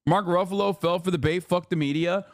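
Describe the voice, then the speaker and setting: A man rants on a live stream, heated and profane, slipping into mocking voices to quote the people he criticizes. His voice sits high for a man. The sound is close and dry, with no room around it. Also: steady tone, a little fast, dry recording. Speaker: streamer commentator.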